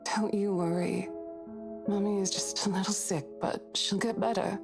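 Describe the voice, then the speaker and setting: An actress with a put-on British accent playing a gentle, ailing young mother in a game, speaking softly and soothingly. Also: medium pitch, fairly even intonation, moderate pace, over music, close to an everyday voice. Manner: soft, soothing, comforting.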